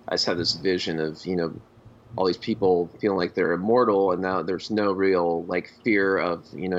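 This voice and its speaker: Deep-voiced man musing on a podcast. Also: a little hiss or hum. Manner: halting, full of fillers and restarts. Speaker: podcast co-host. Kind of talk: casual film discussion. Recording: dull lo-fi podcast audio.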